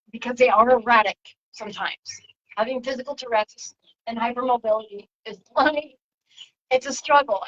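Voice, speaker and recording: A woman talking casually on her own broadcast as a spiritual channeler, soft and reflective, drifting from one thought to the next. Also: a little high, highs cut off. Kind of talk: casual spiritual livestream talk.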